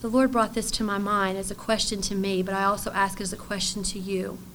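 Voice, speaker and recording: A middle-aged woman preaching a sermon to women, earnest, moving between bold declarations and soft, hushed passages. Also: mid-range voice, level tone, a little fast, a little hiss or hum. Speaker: pastor's wife speaking to women.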